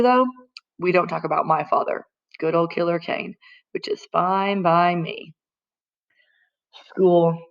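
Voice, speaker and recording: A woman's voice: on the low side, muffled recording. A woman reading a first-person novel aloud in a plain, conversational narrating voice. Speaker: audiobook reader.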